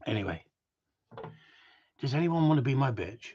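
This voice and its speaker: A man's voice: medium pitch, sing-song, normal speed, a little mellow, a little hiss or hum. A man hosts a live stream as a dog trainer, chatting casually and joking while he answers viewers' questions. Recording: dull lo-fi stream audio.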